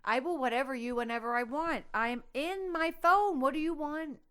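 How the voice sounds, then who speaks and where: A woman's voice: high-pitched, moderate pace, a bit bright. A woman co-hosting a podcast in casual chat, exasperated and full of questions. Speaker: podcast co-host.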